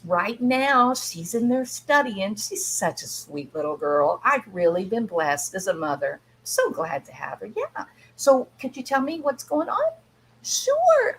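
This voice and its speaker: A woman's voice: on the high side, fairly bright tone, breathy edge, voice pushed up, full character voice, rough recording. Woman putting on a sugary fake-sweet mother. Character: sugary two-faced mother on the phone.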